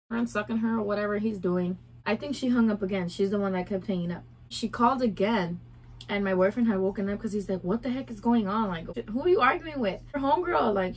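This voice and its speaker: A woman's voice: fairly high pitch, fast talker, vocal fry. A young pregnant woman vlogging a casual story time, chatty and full of "like" and quoted dialogue. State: heavily pregnant.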